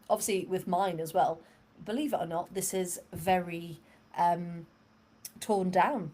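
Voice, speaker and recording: Woman co-host, slightly low pitch, easygoing and chatty, quick to laugh. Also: mellow. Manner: chatty, laughs often, many fillers. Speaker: podcast co-host. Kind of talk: casual football podcast chat.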